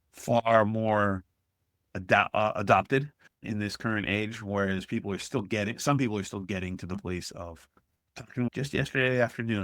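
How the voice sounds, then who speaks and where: The recording is dry and studio-clean, carrying a man's lowish voice. He's a restaurant consultant guesting on a podcast, spinning conversational stories with animation and imitating whoever he's quoting.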